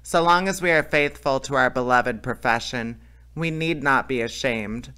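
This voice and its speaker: A man's voice: mid-range voice, moderate pace, sharp tone, smooth, lightly acted. A man reading a storybook aloud, voicing a genial, formal-spoken male bandit. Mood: solemn. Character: cheerful, polite male bandit.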